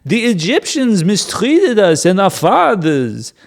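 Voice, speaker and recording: A man voicing an old Hebrew prophet with a Yiddish accent, pleading in a stately, drawn-out way. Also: high voice, wildly swooping pitch, creaky, voice pushed up, heavily acted.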